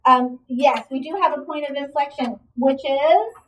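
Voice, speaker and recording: A woman's voice: high voice, normal speed, fairly bright tone, far from the mic, a little hiss or hum, rough recording. A woman teaching a math lesson, asking the class questions and encouraging the students' answers. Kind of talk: classroom lecture.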